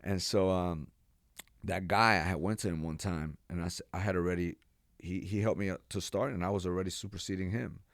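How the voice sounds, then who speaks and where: A man from Texas, a pastor and podcast guest, telling his life story in a lively, animated way, acting out what people said and laughing now and then. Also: sits low, a little fast, gravelly, dry recording, clean studio sound. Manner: animated storyteller, acts out quotes, laughs often. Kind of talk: storytelling interview.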